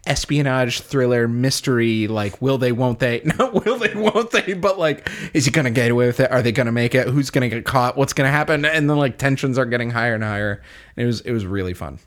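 A man co-hosting a casual movie podcast, talking in an animated way, laughing often and acting out his own reactions. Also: medium pitch, fast talker. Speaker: podcast co-host. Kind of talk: casual movie review chat.

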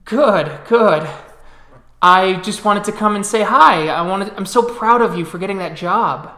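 A man voicing a cheerful, excited young woman who is a pack sister in a tabletop game. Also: sits high, unhurried, reverberant, voice pushed up, full character voice.

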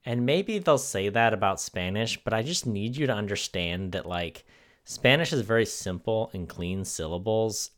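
A man's voice: fairly low pitch, expressive, normal speed. A man co-hosting a casual comedy chat, delivering playful, mock-outraged opinions. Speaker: podcast co-host.

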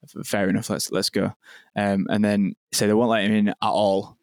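A man's voice: on the low side, little pitch movement, moderate pace, darkish tone, smooth, no room sound, clean studio sound. A young man, telling a story in casual podcast chat, rambling and sweary with lots of "like". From England. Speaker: podcast guest, venue owner.

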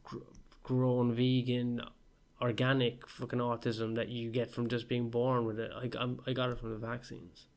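A man in casual conversation, joking in a sarcastic, deadpan way. He co-hosts a podcast with a friend. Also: mid-range voice, moderate pace, hardly any pauses. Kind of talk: casual chat.

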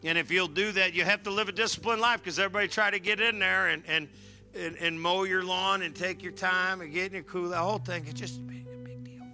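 Fervent high-voiced male pastor preaching. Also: fairly even intonation, a little fast, soft background music. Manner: fervent, rising to shouts and dropping to hushed asides. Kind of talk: sermon.

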